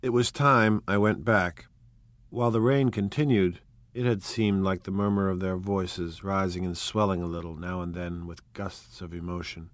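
A man narrates a novel in a steady, measured, unhurried way. His voice sits low, recorded close with a dry, dead sound. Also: no room sound. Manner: measured, even, unhurried reading. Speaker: audiobook narrator. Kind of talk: scripted narration.

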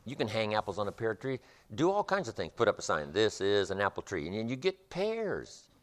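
Lively, emphatic male motivational speaker. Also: fairly low pitch, fairly quick. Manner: emphatic, repetitive, preacher-like cadence. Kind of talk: motivational lecture.

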